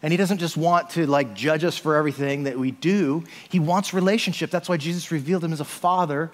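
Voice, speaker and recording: A man's voice: on the high side, fairly even intonation, fairly quick. Man preaching in a reverberant church. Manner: conversational, frequent "like" and "right?". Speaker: pastor. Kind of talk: sermon.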